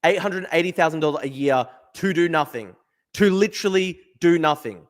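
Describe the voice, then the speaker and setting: A man's voice: a little high, lively intonation, moderate pace. A man, ranting in livestream commentary, swearing and repeating his points. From Australia. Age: 20s. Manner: ranting, profane, repeats himself. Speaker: streamer.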